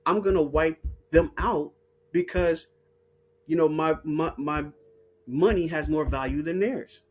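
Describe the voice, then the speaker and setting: A man's voice: a little high, measured pace, husky. A man hosting his own video, talking in a heated, profane monologue full of repeated words and restarts. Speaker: video host. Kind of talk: casual monologue.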